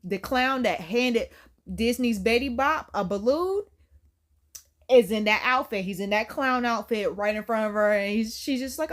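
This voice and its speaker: A high-voiced woman recaps a film in a loose, chatty way. She talks with animated slang and frequent laughs. Her voice sits noticeably high for a woman. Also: moderate pace. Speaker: YouTube film reviewer. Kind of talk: casual movie recap.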